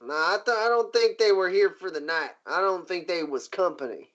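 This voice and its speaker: Give me a relaxed man running a tabletop game, muffled lo-fi recording. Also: sits high, normal speed. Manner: relaxed, many fillers, mimics sounds. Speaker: game master.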